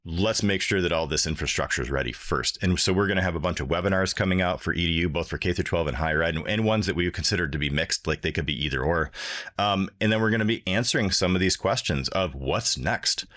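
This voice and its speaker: Deep-voiced chatty man. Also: fast talker, fairly bright tone. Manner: chatty, rambling with restarts. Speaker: podcast guest. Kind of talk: casual chat.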